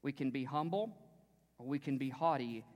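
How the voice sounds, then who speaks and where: A man preaching a sermon as pastor, moving from relaxed storytelling to emphatic preaching and dropping to a hushed near-whisper on key phrases. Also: mid-range voice, moderate pace, long reverb tail.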